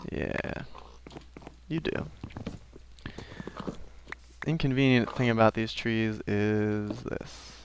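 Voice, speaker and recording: Casual gameplay commentator, young man, mid-pitched and gravelly, rambling with offhand asides. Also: a little hiss or hum. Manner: rambling, self-aware asides. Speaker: gaming commentator. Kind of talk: casual let's-play commentary.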